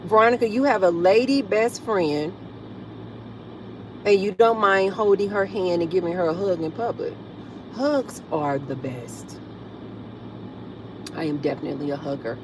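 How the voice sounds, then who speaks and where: A woman's voice: mid-range voice, brisk, slight background noise. A woman hosting a casual livestream from her parked car, chatting and reading viewer comments aloud with frequent laughter. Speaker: livestream host.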